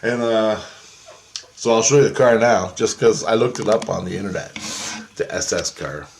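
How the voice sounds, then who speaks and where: A man with a somewhat low voice rambles through a long story in a casual, unscripted way. He swears freely and keeps checking in with "right?" and "okay?". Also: normal speed, gravelly, a little hiss or hum. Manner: profane, rambling, full of "right?" asides.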